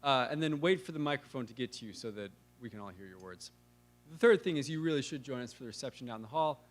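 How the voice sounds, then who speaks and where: A man's voice: mid-range voice, animated, fast talker. Wry man hosting a lecture forum. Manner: wry, joking. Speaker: host of a weekly lecture forum. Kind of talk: casual event welcome. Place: lecture room. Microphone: handheld microphone.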